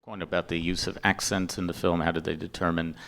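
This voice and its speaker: A man's voice: low-pitched, level tone, quick pace, gravelly, fairly bright tone, a little hiss or hum. A male moderator at a festival panel, reading out questions in a hesitant way with fillers. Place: film festival panel stage.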